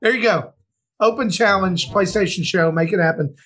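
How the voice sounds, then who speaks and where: A man's voice: high-pitched, normal speed, a bit bright, soft background music. A man from the Southern United States hosting a podcast, loose and rambling in casual banter. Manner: loose, rambling, friendly with fillers. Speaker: podcast host.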